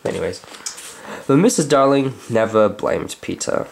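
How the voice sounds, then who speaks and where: Sex: man. Role: reader. Style: casual storybook read-aloud with chatty, joking asides. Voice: lively pitch. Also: moderate pace, creaky, a little hiss or hum.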